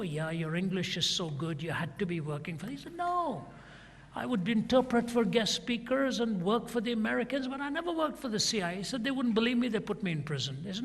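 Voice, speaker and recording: A middle-aged male preacher tells a story from the pulpit, acting out both sides of each exchange. His voice sits a little high and sounds husky. A long reverb from a large auditorium trails behind every phrase. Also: a bit bright. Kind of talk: sermon storytelling.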